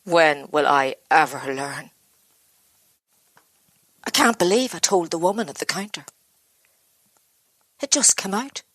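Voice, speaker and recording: An actress playing an exhausted, abused mother who blames herself, speaking in a halting, broken inner monologue. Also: low-pitched, fairly bright tone, dry recording. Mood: distraught. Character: exhausted, self-blaming abused mother, worn down. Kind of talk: dramatic monologue.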